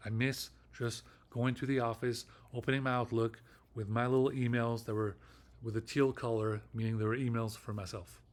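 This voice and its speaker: A middle-aged man talks alone to the camera in a loose, rambling monologue. He rants and swears, circles back over the same points and restarts his sentences. His voice sits at an ordinary male pitch. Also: flat delivery, moderate pace. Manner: ranting, profane and repetitive, with restarts. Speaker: vlogger.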